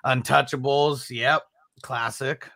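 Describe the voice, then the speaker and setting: A man's voice: medium pitch, steady tone, slow, creaky, pushed and bright, no echo, clean studio sound. A man hosting a casual podcast, swearing often and reading viewer comments aloud. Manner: laid-back, heavy swearing, reads out viewer comments. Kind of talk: casual chat.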